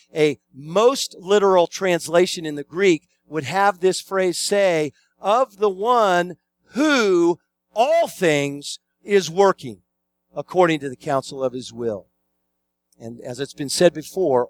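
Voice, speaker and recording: A man's voice: sits high, dry recording. A man preaching a sermon, emphatic and fond of repeating key phrases for weight. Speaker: pastor.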